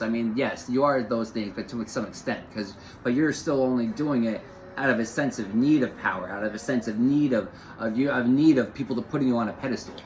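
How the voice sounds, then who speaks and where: A man's voice: medium pitch, a little hiss or hum, poor audio. Rambling man giving a spiritual talk. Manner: rambling, repeats phrases, many fillers. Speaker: spiritual host.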